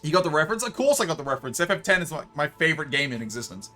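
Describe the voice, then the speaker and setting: A male streamer chatting casually into a desk mic, laughing often and swearing freely. His voice sits a little high and bright, and his pitch jumps around a lot. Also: big pitch swings, racing, soft background music. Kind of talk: casual live-stream chat.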